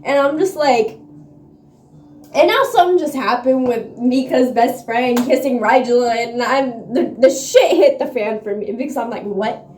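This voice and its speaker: High-voiced woman, excitable slangy book vlogger, roomy echo on a phone mic. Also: normal speed, slight background noise. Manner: excitable, slangy, swears freely, laughs often. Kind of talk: casual reading vlog chat. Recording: echoey room on a phone mic.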